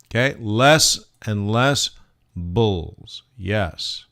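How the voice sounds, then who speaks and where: Slow-talking man teaching live forex. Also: on the low side, expressive, pushed and bright. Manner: conversational, rhetorical questions to viewers. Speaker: forex trading instructor. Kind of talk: live-stream trading lesson.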